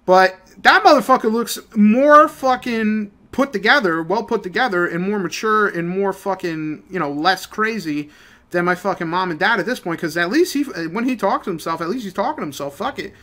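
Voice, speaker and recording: A young man ranting in a casual, profane, rambling way, swinging between low mutters and loud outbursts. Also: animated, moderate pace. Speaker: gaming channel host. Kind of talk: casual rant over gameplay.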